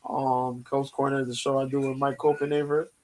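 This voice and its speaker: A man hosting a casual livestream, previewing fights in a loose, rambling way with lots of pauses and ums. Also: medium pitch, little pitch movement, a little mellow, slight background noise, low-quality recording. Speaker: podcast host previewing fights.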